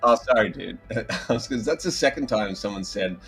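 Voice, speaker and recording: A man with an Australian accent talks as a guest co-founder, relaxed and quick to laugh. His very low voice has a bright, forceful edge. Faint music sits underneath. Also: creaky, rough recording. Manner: laughs often, relaxed and chatty. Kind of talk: casual livestream banter.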